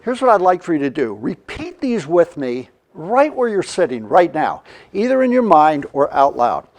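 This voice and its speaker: A man giving a motivational training talk on leadership, animated and leading the listener in call-and-response. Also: on the high side, moderate pace. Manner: animated, acts out quoted reactions, leads call-and-response.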